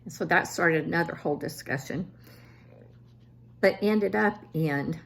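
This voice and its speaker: A woman's voice: on the low side, unhurried, creaky, a little hiss or hum. A woman in her seventies telling family stories in a casual, self-deprecating vlog. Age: 70s. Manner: self-deprecating, animated when quoting family. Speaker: vlogger.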